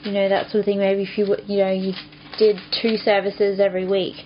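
A woman's voice: mid-range voice, little pitch movement, fairly quick. A woman in casual conversation, sharing her thoughts in a reflective, hesitant way with many fillers. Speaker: Christian podcast co-host. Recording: dull lo-fi sound with faint hiss.

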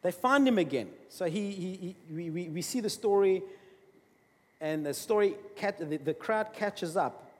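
A man preaching a sermon, emphatic, swinging between loud bursts and quiet asides. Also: high-pitched, animated, measured pace. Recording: long reverb of a large hall.

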